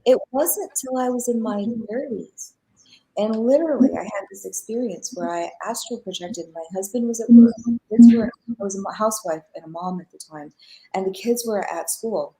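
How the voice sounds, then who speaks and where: Middle-aged woman, spiritual teacher, telling her life stories in a live chat, acts out the dialogue, laughs a lot, normal pitch. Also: moderate pace, low-quality recording. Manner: animated storyteller who acts out quoted dialogue and laughs often. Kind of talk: personal storytelling in a live interview.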